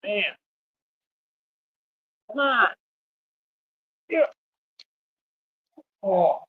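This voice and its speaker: A man's voice: high-pitched, expressive, drawn-out words, dry recording. Swaggering man on dull lo-fi stream. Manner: boastful, swaggering street slang. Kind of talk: casual livestream monologue.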